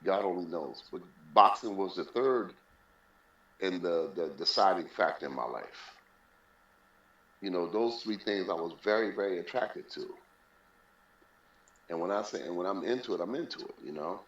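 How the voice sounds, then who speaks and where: A man with a somewhat low voice tells his personal story as an interview guest. He speaks emphatically and often repeats a phrase to drive it home. The recording sounds roomy and a little dull. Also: expressive, moderate pace, long pauses, fairly bright tone. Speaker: interview guest, boxing figure.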